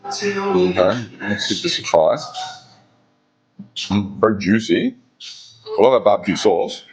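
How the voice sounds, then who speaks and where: A man with a fairly low voice reviews food slowly and casually at a restaurant table indoors, humming frequently as he savors every bite. He's recorded on a camera placed on the table, with faint music behind him.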